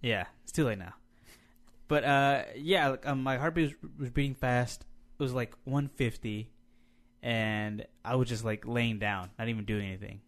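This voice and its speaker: A man's voice: medium pitch, normal speed. A man on a podcast, talking in a subdued and hesitant way in casual chat.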